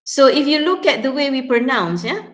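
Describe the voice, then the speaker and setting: A woman's voice: sits high, expressive, normal speed. Malaysian woman teaching pronunciation. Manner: mixes Malay words into English, checks in with "yeah?" and "okay". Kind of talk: classroom lecture.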